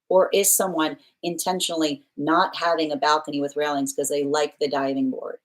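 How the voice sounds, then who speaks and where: A woman's voice: sits low, flat delivery, normal speed, few pauses, poor audio. A woman giving a live tarot reading to a client, earnest and explanatory, often repeating herself. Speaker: tarot reader.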